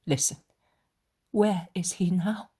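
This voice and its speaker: A woman voicing a tender, distressed grieving mother, whispering softly in short paused sentences, in whispered role-play. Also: lowish voice, husky, heavily acted.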